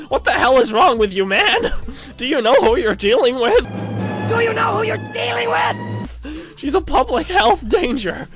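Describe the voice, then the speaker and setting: A man putting on a jumpy, paranoid young guy who rants loud and frantic in a high, swooping voice. He sounds tense and shouty throughout. Faint music plays underneath. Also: exaggerated voice. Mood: alarmed ranting.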